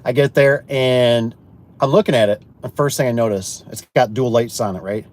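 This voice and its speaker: A man's voice: mid-range voice, moderate pace. Folksy man telling shop stories. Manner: rambling, folksy, acts out both sides of conversations. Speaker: garage door installer and business owner. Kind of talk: casual storytelling to viewers.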